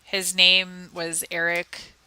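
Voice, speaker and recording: A woman co-hosts a casual livestream chat, speaking earnestly with frequent ums and restarts. Her voice is very bright and crisp, sitting a little low for a woman, and the sound is dry and close. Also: monotone, takes it slowly, dry recording. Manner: earnest, emotional, many fillers and restarts. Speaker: co-host of an advocacy livestream.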